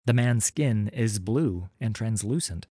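A man narrating a fantasy story in a measured, atmospheric reading. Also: lowish voice, expressive, dark tone, breathy edge, no room sound, clean studio sound.

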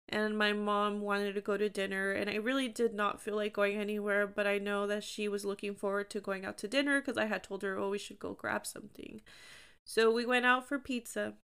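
A woman's voice: medium pitch, a bit bright, smooth. A young woman hosting her own podcast, talking candidly and encouragingly in a chatty way with lots of fillers. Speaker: podcast host. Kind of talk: casual solo podcast talk.

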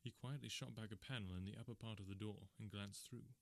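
A man in audiobook narration, reading in a measured storytelling manner. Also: fairly low pitch, fairly even intonation, creaky, dry recording.

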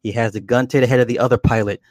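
A man's voice: medium pitch, steady tone, racing, darkish tone, dry recording. Casual male host, rambling and repetitive, dry close sound. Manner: rambling, repeats words, swears. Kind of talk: casual chat.

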